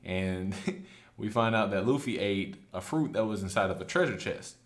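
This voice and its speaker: A man casually recapping a story, chatty and loose, slipping into quick quoted lines. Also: lowish voice. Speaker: anime recap host.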